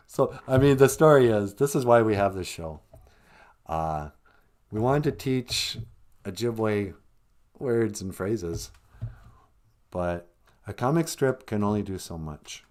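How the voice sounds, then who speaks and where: A man from Minnesota hosting a comedic live stream, rambling and halting with a dry, self-mocking humor. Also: on the low side, animated, darkish tone. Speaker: host of a language comedy show.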